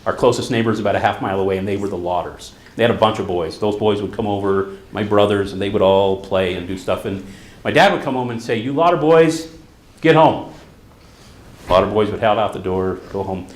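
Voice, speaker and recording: A man's voice: on the low side, fast talker, echoey room. A middle-aged man, a therapist, giving a conference talk, telling stories and acting out the quotes. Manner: storytelling, animated, acts out quotes. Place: conference hall.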